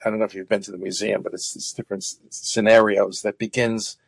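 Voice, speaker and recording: A low, gravelly man's voice. He talks earnestly in an interview, pausing on fillers and restarting his sentences. The sound is dry and close. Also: flat delivery, no echo. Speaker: guest activist. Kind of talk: conversational interview.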